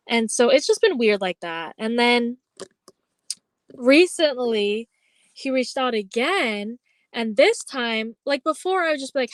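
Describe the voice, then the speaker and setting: A young woman talks through a story in a loose, chatty way, filling her sentences with "like" and acting out what others said. Her voice sits a little high. The sound is dry and close. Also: measured pace, fairly bright tone, no room sound. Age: young adult. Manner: chatty storytelling, heavy use of "like", acts out quoted lines. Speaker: podcast co-host. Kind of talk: casual chat.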